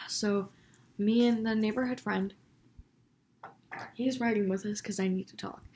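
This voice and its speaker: A woman's voice: medium pitch, a little slow. A young woman vlogger, animatedly retelling a run-in with a neighbor in a casual storytime video. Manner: animated, dramatic retelling with quoted dialogue. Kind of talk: storytime vlog.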